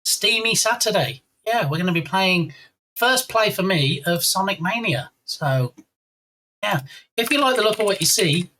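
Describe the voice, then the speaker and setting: A man's voice: high voice, lively intonation, normal speed, sharp tone, low-quality recording. Chatty English man streaming live. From England. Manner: chatty, reads out chat messages and thanks viewers. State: slight frog in throat. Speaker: game dev streamer. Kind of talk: casual live-stream chat.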